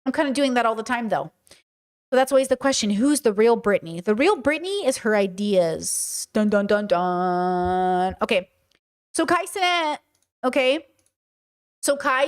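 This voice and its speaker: A woman with a Valley girl accent hosting a livestream monologue, reading chat aloud and often tagging her sentences with "okay?" and "you know?". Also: on the high side. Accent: California Valley girl. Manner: talkative, frequent "okay?" and "you know?" tags; mimics other people's voices and mannerisms. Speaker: streamer and podcast host.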